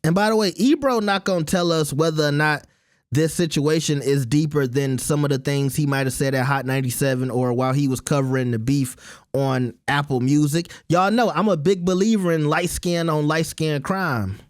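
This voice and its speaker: A man's voice: on the high side, normal speed, dry recording, clean studio sound. A man hosting his own commentary channel, giving blunt, opinionated takes in a casual rant.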